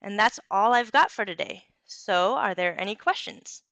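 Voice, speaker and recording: A young woman gives an instructional talk, clear and encouraging, with the occasional "um". Her voice is bright and crisp, recorded dry and close. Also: mid-range voice, animated, moderate pace, no echo. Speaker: presenter giving a talk on communication skills.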